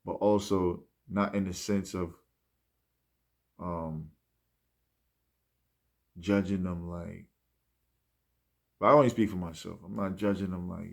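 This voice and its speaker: A man speaking in a rambling, reflective monologue, often restarting and trailing off softly. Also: low-pitched, fairly even intonation, slow, gravelly, long pauses. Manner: rambling, many fillers and restarts; soft-spoken, trailing off. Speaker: musician speaking about his mindset.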